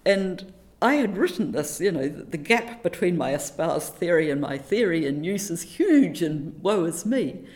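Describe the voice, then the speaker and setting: Speaking at a moderate pace, a middle-aged woman from New Zealand reflects on teaching during a laid-back conversational interview. She has a somewhat low voice and tells lively, self-mocking anecdotes, often leaning on a familiar saying or quotation.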